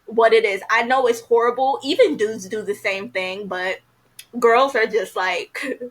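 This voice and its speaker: A woman's voice: fairly high pitch, a little slow, low-quality recording. A woman casually reviewing a TV episode, chatty and frank, filling her talk with "you know".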